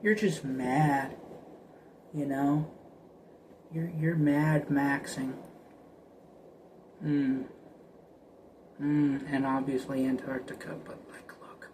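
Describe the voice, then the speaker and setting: Man vlogger, slow profane rambler who stumbles over his words; middle pitch, faint background noise. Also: little pitch movement, darkish tone, rough recording. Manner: profane, stammering, repetitive. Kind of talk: casual rambling rant.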